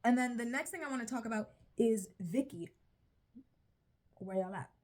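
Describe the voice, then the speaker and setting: Her voice sits a little high, with a darkish tone and a normal pace. This young video creator reviews a show in loose, swearing-filled commentary that wanders, and she often stops partway through a sentence and laughs at herself.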